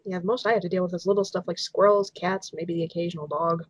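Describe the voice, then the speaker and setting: Reading reader questions aloud, this illustrator and co-host is giggly and bubbly in a casual Q&A chat. Her voice is fairly low and fast, with fairly even intonation and a breathy edge, captured dry on a dull home mic.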